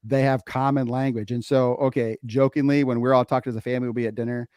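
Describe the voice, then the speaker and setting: A middle-aged man co-hosting a casual podcast, telling family stories in an animated way and repeating phrases for emphasis. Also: mid-range voice, fast, smooth, dry recording, studio quality. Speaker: podcast co-host, father.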